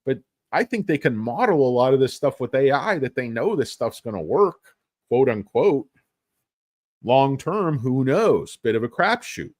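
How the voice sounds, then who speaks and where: A man's voice: mid-range voice, big pitch swings, measured pace, darkish tone, dry recording. A middle-aged man in a mid-range voice chats loosely about stocks, cursing freely and poking fun at himself. The sound is close and dry, with no room around it. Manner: rambling, profane, self-mocking. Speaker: stock market streamer. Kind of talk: casual livestream chat.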